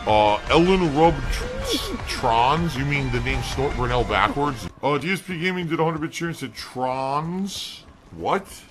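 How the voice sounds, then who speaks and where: Slow, sarcastic man mocking clips. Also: a little high, very animated, music in the background. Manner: mocking, sarcastic, swears freely. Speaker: commentary show host. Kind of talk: reaction commentary on stream clips.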